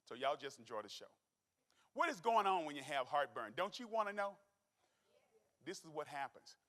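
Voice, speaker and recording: A middle-aged man plays a doctor giving a health talk to a live audience, folksy and animated as he jokes with the crowd. His fairly high voice moves at a moderate pace, and a long hall reverb fills the recording.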